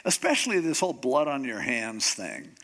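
A middle-aged pastor preaches a humorous sermon in a mid-range voice at a moderate pace. Animated, he tells stories and acts out the voices of the people he quotes.

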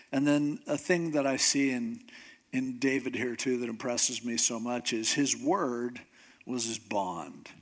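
A man preaching a sermon in a fairly high voice. He talks to the congregation in an earnest, conversational way. Now and then he acts out what people say. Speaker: pastor.

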